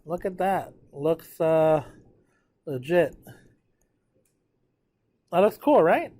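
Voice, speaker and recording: A man's voice: on the high side, animated, drawn-out words, dark tone. A tired man teaching a math class, talking students through a graph and checking in with them often. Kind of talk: live classroom lecture at a whiteboard.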